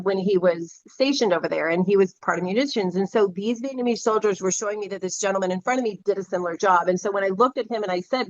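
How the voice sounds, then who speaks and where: Woman, interview guest, animated storyteller, lots of fillers, video call, dull lo-fi audio. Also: medium pitch. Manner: animated, many fillers like "you know". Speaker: psychic medium guest.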